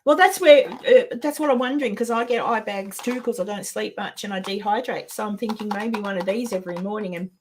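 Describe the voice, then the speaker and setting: A woman's voice: mid-range voice, fairly quick, hardly any pauses, a little mellow, slight background noise. Australian woman co-host, chatty live-stream banter, laughs easily, reads the chat. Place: office.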